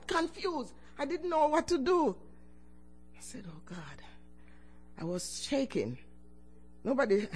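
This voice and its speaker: Giving a testimony before her church, an older woman narrates animatedly, her voice abruptly rising and falling in pitch and volume, with little chuckles between phrases.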